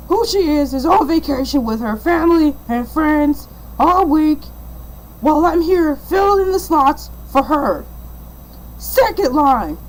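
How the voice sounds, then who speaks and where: A woman's voice: high-pitched, slight background noise, poor audio. A woman voicing a boastful talking shark who fills in as livestream host, chatting in a rambling way. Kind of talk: rambling livestream in-character patter.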